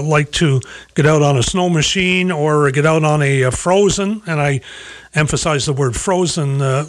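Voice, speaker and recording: A man hosting a morning radio show, talking in a halting way with many fillers and small chuckles. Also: fairly high pitch, no room sound. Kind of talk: casual morning radio interview.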